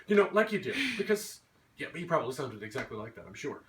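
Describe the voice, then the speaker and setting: A man's voice: mid-range voice, very animated, quick pace, background noise. A man giving an angry, swearing rant about a movie, mocking characters in put-on voices. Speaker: vlogger. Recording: roomy echo, mic at a distance.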